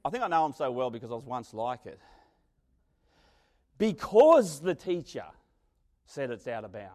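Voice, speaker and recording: Animated man preaching a sermon. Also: medium pitch, moderate pace, long pauses. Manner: animated storytelling, dramatic swings in loudness.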